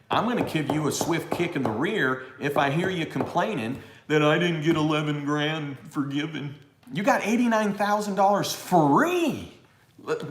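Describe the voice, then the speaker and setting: Man, live tax Q&A host, fired-up rant, exasperated, mid pitch, echoey room. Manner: animated and exasperated, mocking imagined callers. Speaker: tax educator on a live show.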